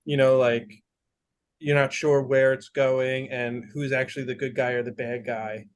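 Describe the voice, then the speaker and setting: A man's voice: mid-range voice, little pitch movement, unhurried. A man in a casual podcast movie chat, enthusiastic, swearing freely and sometimes searching for names mid-sentence.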